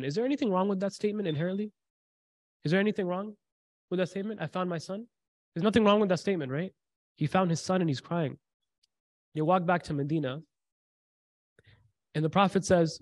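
A man's voice: on the high side, fast, pauses often, a little mellow, no room sound. A man giving a sermon, retelling a story with quoted dialogue and repeated lines for emphasis. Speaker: preacher.

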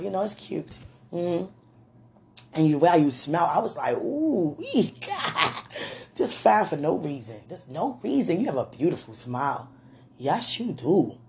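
A woman rambling through a personal message to a man, gushing and giggling often, with a slight lingering throat-clearing. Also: lowish voice, warm tone. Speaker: admirer speaking to a man on video.

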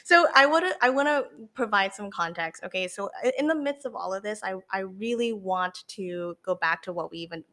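A woman's voice: mid-range voice, a little fast, hardly any pauses. Chatty young woman sharing candidly. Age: young adult. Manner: animated, many fillers and swears. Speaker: podcast guest. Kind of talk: candid casual chat.

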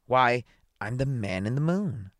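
A man's voice: medium pitch, lively intonation, unhurried, a bit bright, dry recording, clean studio sound. A man voicing a polite, bewildered man who has fallen out of the moon, in a storybook reading. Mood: earnest. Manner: courteous, earnest, puzzled.

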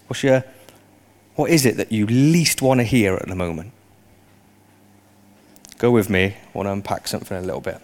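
Conversational male preacher. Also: on the low side. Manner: conversational, rising into animated emphasis. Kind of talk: sermon.

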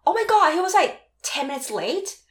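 A young woman telling a dating story in casual chat, animated and full of "like", acting out what people said. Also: very high-pitched, moderate pace. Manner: animated storytelling, acts out quoted lines with lots of "like".

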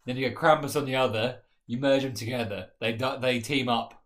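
A man co-hosting a casual, joking chat about a tabletop game, swearing freely and breaking into laughs as he pitches ideas. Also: brisk. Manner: swearing, excitable, swooping laughs. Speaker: podcast co-host.

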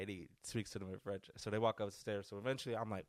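A man hosting a podcast who tells stories casually, rambling and animated, with many restarts. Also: fairly low pitch, quick pace, no echo, studio quality. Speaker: podcast host. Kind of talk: casual storytelling.

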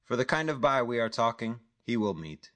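A man voicing a calm, commanding male crime boss, who speaks in measured, formal phrases. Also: mid-range voice.

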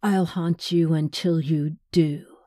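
A woman's voice: deep voice, fairly even intonation, takes it slowly, warm tone, dry recording, clean studio sound. A woman reading the part of a fierce, streetwise woman who hisses and pleads.

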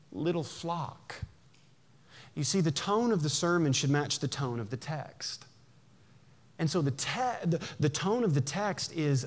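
A man preaching a sermon in a church, conversational and animated, with jokes and acted-out voices. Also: on the high side. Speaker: pastor.

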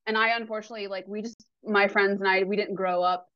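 A woman speaks openly and with animation in a relaxed podcast chat, swearing casually as she goes. Her voice sits in a middle register. The recording is dry and a touch muffled. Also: medium pitch, quick pace, dry recording. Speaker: podcast guest. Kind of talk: casual conversation.

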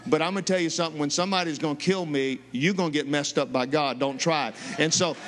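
High-voiced pastor preaching in a long reverb. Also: male voice, fast. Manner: animated storytelling with repeated words. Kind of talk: sermon. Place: large church sanctuary. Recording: long reverb of a large sanctuary.

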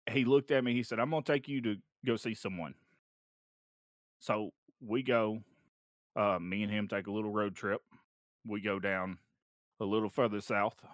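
A young man casually telling a story of a frightening night, animated and swearing, sometimes trailing off into low mumbles. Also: moderate pace, pauses often, no room sound, clean studio sound.

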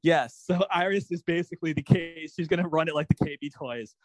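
A man's voice: a little high, a little fast, no room sound. A man co-hosting a casual TV recap chat, playful, laughing often and mimicking characters. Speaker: podcast co-host.

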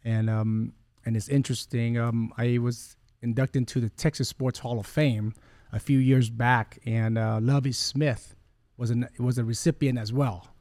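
A man's voice: mid-range voice, little pitch movement, normal speed, a little mellow, no echo. A man in his forties, a guest telling a personal story in a conversation, earnest and rambling, often correcting himself as he goes. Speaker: podcast guest.

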